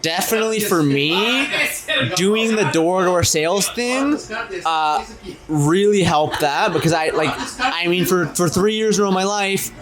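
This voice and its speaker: A man's voice: high-pitched, a little slow, a loud crowd. A man in his twenties co-hosting a casual podcast, talking animatedly, swearing and acting out his own pickup lines. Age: 20s. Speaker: podcast co-host.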